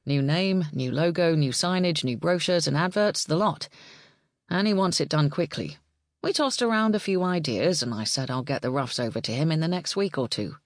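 A woman's voice: low voice, normal speed, dry recording, clean studio sound, natural voice. A woman voicing a cheerful young man, a designer, with a teasing, easygoing way of talking.

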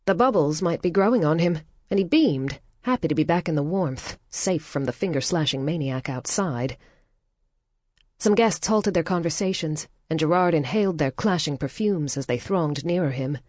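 A woman narrating an audiobook in a measured, even storytelling manner. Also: sits low, no room sound, clean studio sound. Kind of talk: scripted narration.

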